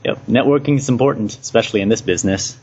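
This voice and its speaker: A man's voice: medium pitch, fast talker, darkish tone, slight background noise. A man hosting a casual podcast interview, easygoing and laughing often between questions. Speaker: podcast host. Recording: dull lo-fi recording.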